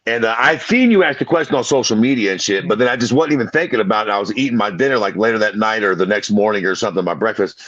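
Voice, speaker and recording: A man co-hosting a podcast, talking in loud, hyped-up, swear-filled banter. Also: lowish voice, lively intonation, fast, hardly any pauses, no echo, dull audio. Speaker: podcast co-host. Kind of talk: casual podcast chat.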